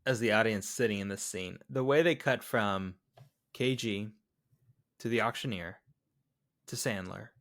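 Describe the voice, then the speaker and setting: A man co-hosting a podcast, chatting casually about a film and asking quick questions. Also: lowish voice, fairly bright tone. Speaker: podcast co-host.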